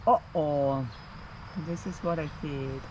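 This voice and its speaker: A woman's voice: low voice, steady tone, slow pace, warm tone. A middle-aged Australian woman, a mother filming her family's camping trip, talking in a playful, teasing way by a river. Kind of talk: casual travel vlog chat. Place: outdoor campsite by a river. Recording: noisy outdoor phone recording.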